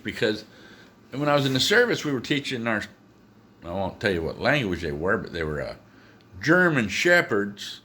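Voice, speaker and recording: Animated, bright-voiced man telling stories. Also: medium pitch, moderate pace. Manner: animated, chuckling, talks to his dog. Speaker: dog owner. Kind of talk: casual storytelling to camera.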